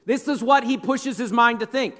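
A male pastor with a very high, bright, forceful voice delivers a conversational sermon. His words ring out with a long reverb trailing through a large hall. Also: normal speed. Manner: conversational preaching, acting out quoted inner voices.

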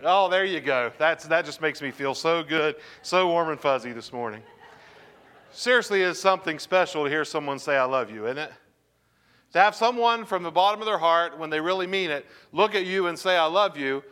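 Male pastor, bright ringing tone, conversational sermon full of call-and-response. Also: a little high, clear, resonant tone. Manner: engaging the congregation with questions. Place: church sanctuary.

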